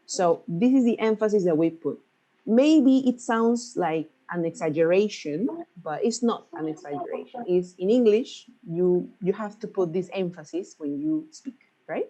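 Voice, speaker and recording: Mellow low-voiced woman teaching English. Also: expressive, moderate pace, low-quality recording. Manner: patient, checks in often with "right?". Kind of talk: explaining grammar in a class.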